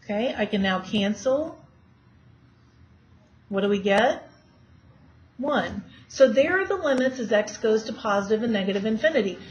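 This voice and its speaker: A woman's voice: medium pitch, expressive, normal speed, pauses often. A woman math teacher giving a classroom lecture and quizzing her students as she works through problems. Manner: asks students questions while working problems. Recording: dull lo-fi classroom recording, faint hiss.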